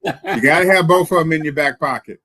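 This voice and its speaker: A man's voice: fairly high pitch, brisk, bright, forceful tone, no room sound. Confident man explaining loans, dry sound. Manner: confident, joking, explains plainly. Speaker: mortgage lender. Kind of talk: casual explanatory talk.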